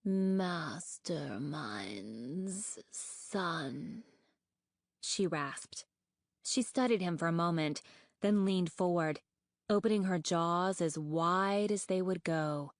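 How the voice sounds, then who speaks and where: Woman, audiobook narrator, unhurried, measured, expressive, dry close mic. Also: on the low side, no room sound. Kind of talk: scripted narration.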